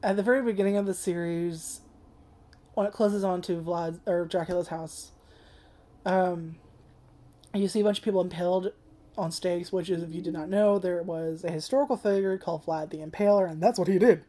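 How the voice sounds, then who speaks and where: A woman talks straight to the camera in a loose, rambling vlog review. Her voice sits a little low and sounds soft and mellow. She swears freely, leans on "like" constantly, and gets emotional as she goes. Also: moderate pace. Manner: rambling and profane, heavy use of "like"; emotional, tearful at times. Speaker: anime reviewer.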